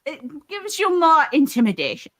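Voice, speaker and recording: A woman's voice: sits high, wildly swooping pitch, normal speed, a bit bright. A woman explaining her character's actions as a player in a tabletop game. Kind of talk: casual chat.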